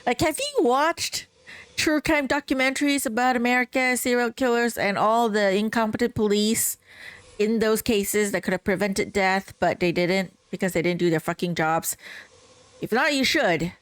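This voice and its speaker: A woman's voice: mid-range voice, moderate pace, smooth, no echo. A young woman streaming a game, making chatty, blunt, sarcastic asides. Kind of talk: casual gameplay commentary.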